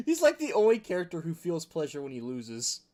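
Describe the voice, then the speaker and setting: Higher-voiced man ranting casually. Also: wildly swooping pitch, normal speed, mellow. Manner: rambling, chuckling, heavy use of filler words. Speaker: gaming video host. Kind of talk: casual opinion rant.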